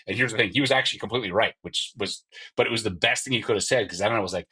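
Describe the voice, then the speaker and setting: A man with a husky voice, hosting an energetic, emphatic motivational podcast and telling stories with quoted dialogue. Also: fairly low pitch, racing, low-quality recording. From Canada. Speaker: podcast host and mortgage coach. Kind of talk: motivational solo podcast talk.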